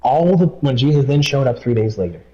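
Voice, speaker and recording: A man hosting a casual Bible study, arguing his points emphatically and reading verses aloud slowly. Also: medium pitch, lively intonation, muffled recording. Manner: emphatic, talks over the other speaker, reads verses slowly. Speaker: host leading a Bible study.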